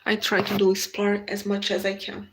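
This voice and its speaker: A Brazilian woman whose first language is Portuguese, hosting a casual live stream in halting English, reading viewer comments aloud and answering them. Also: medium pitch, monotone, a bit bright, slightly rough. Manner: unhurried, halting non-native English with frequent restarts.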